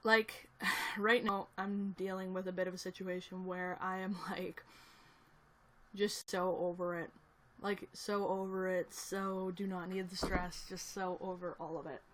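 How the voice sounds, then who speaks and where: A woman's voice: fairly low pitch, little pitch movement, measured pace, a bit bright. A young woman chatting casually on a livestream, telling a story with lots of fillers and little laughs. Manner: snacking and reading chat aloud. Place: indoors at her computer. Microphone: camera on a selfie stick.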